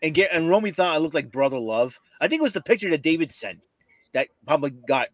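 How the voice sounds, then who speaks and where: A man chatting casually on a podcast, telling a story in an animated way and laughing often. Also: on the high side, quick pace, no echo. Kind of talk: casual chat.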